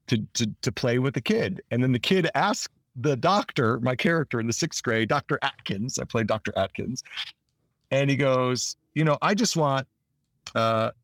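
A man's voice: mid-range voice, no echo. A man, an actor being interviewed, telling stories in a rambling, casual way, often restarting his sentences. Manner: rambling storyteller with frequent restarts; acts out quoted lines in lively voices. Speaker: actor guest.

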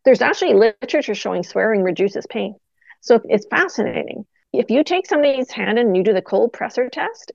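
Gravelly-voiced woman telling clinical stories. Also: a little high, dry recording, lo-fi sound. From Canada. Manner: animated anecdotes with quoted dialogue. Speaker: physiotherapist guest. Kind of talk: casual interview storytelling.

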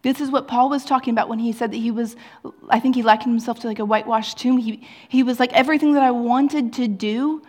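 A middle-aged woman pastor preaching a sermon, moving between hushed whispers and emphatic, raised passages. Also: fairly high pitch, little pitch movement, fast talker, few pauses. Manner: drops to hushed whispers, rises to emphatic peaks.

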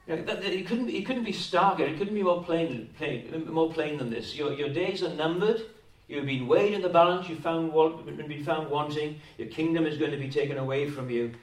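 A man's voice: on the high side, normal speed, few pauses. A man with a Welsh accent preaching a sermon as a pastor, pressing his points with repeated words and rhetorical tag questions. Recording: echoey hall, distant mic.

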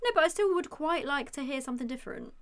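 A woman's voice: high voice, lively intonation, quick pace. A woman co-hosting a podcast, chatting casually about films in a teasing, giggly way. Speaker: podcast co-host. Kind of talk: casual film chat.

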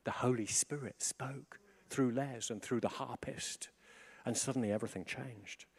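A man preaching in a relaxed, conversational way. His delivery is animated, dropping to a hush and then lifting with excitement. His voice sits at a middle pitch. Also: normal speed, breathy edge. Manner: animated, swings between hushed and excited. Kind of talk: informal sermon.

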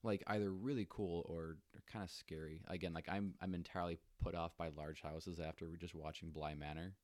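A man's voice: sits low, fairly even intonation, brisk, darkish tone, no echo, studio quality. A man co-hosting a podcast in casual chat, laid-back and joking, with frequent "like" fillers. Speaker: podcast co-host.

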